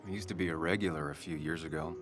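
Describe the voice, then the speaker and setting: A man's voice: rumbling low, steady tone, fast. A man voicing a weary, sardonic journalist in video game dialogue, dry and understated. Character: weary, sardonic male journalist back in his hometown. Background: game music.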